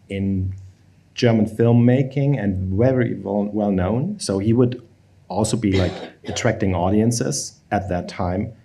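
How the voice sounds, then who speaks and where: Male curator, low mellow voice, measured and hesitant, panel guest. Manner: measured, hesitant, many fillers. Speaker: film museum curator. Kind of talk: live panel Q&A.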